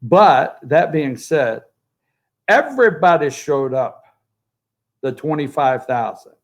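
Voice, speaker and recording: A man's voice: fairly high pitch, animated, takes it slowly. A man giving joking, sarcastic political commentary from a remote spot by a pool. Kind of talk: opinionated political talk. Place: outdoors by a pool, remote from the studio.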